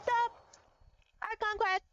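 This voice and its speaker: A woman's voice: very high-pitched, fairly even intonation, slow pace, dull audio, background noise. A woman streaming a video game live, chatting casually and jokingly as she plays, rambling and now and then swearing. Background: faint game music.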